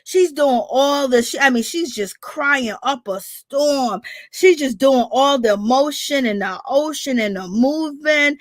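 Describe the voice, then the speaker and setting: High-voiced gossiping woman, dry close sound. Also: a little slow, no echo. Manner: animated, gossipy, acts out quotes in shrill crying voices. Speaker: reality TV commentator. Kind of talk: casual recap commentary.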